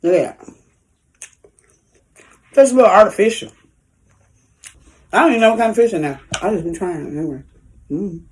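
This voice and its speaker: A woman's voice: medium pitch, a little fast, long pauses, a little hiss or hum. A woman talking casually to her viewers in an eating vlog, chatty and folksy, chewing while she talks. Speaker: food vlogger.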